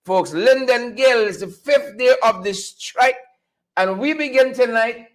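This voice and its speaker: Man, middle-aged, high-voiced stream host, repetitive and playful. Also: lively intonation, unhurried. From Guyana. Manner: repetitive, playful catchphrases and chants. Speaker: livestream host. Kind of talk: energetic livestream hype talk.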